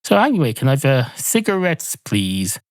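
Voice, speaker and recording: A man's voice: medium pitch, sing-song, normal speed, no echo, clean studio sound, voice pushed up. A man voicing a pushy, indignant male cat who is a regular at a bar. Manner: pushy, aggrieved, swears freely.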